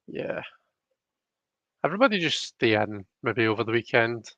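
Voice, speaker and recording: A man's voice: mid-range voice, big pitch swings, normal speed, pushed and bright, no echo, dull audio. Chatty Scottish man on a livestream. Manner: rambling, chatty, frequent fillers. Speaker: live stream host. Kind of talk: casual live chat reading comments.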